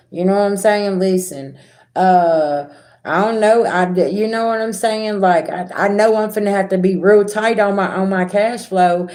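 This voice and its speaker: A middle-aged woman, a spiritual reader talking casually and directly to her viewers in a rambling, animated way. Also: medium pitch, moderate pace. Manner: animated, rambling, talks straight to viewers with asides. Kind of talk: casual direct-to-camera talk.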